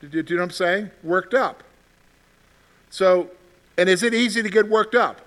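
A man leads an interactive Bible study discussion at a moderate pace, his high voice bright and forward in tone. He repeats his points, poses questions to the group, and checks in again and again with "okay?".

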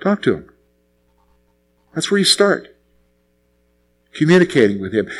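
Male pastor, fairly high voice, earnest sermon delivery with repeated phrases. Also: very animated, a little slow, pauses often, fairly bright tone, slightly rough, faint music behind.

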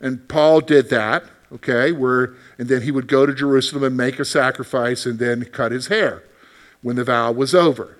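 A man teaching a Bible study lesson in a conversational way, asking his class questions and growing animated when he voices God's words. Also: medium pitch, normal speed.

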